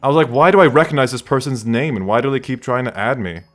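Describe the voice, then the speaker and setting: A man's voice: mid-range voice, fast talker, a bit bright, faint music behind. A man streaming a game live from his room at home, rambling casually and answering chat questions aloud.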